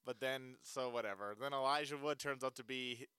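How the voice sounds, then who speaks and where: Chill guy rambling about a movie, bright clear voice, mid pitch. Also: a little fast, no echo. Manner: loose, filler-heavy, laughs often. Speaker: movie reviewer. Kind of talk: casual chat.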